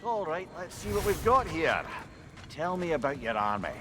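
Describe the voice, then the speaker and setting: A man's voice: on the high side, big pitch swings, moderate pace, music in the background. An actor playing a witty, chatty male advisor who is a severed head, speaking with dry, wry courtesy.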